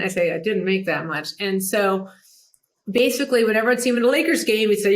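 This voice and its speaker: Animated woman telling stories. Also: fast talker. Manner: animated, mimics others in a higher pitch. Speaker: podcast host. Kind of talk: casual storytelling chat.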